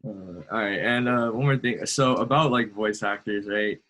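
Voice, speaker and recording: A man's voice: fairly low pitch, steady tone, normal speed, fairly bright tone. A man co-hosting a casual interview, laid-back and slangy.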